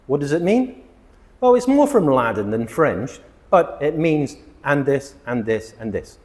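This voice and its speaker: A man teaching English vocabulary to camera, excitable, stressing and repeating words as he explains them. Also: medium pitch, in a large hall. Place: outdoors near palm trees.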